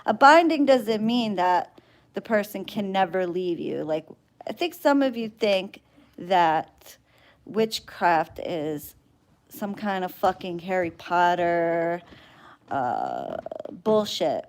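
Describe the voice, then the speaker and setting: A woman's voice: lowish voice, sing-song, slow. A woman who practises spellwork, ranting bluntly and wearily to her livestream viewers, swearing freely. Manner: blunt, exasperated, profane; sighing and weary. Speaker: spiritual practitioner and spell caster.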